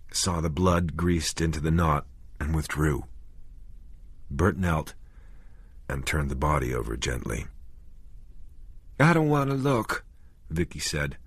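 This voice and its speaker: A man narrating a horror audiobook in a measured, deliberate way. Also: rumbling low, breathy edge, no room sound.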